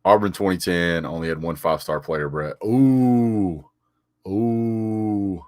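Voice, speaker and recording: A sports vlogger with a very low voice banters on a live stream, reading viewer comments aloud and firing back with frequent chuckles and "sir" rebuttals. He speaks fairly quickly in a steady tone, now and then stammering and repeating words. The sound is close and dry, with no echo or room.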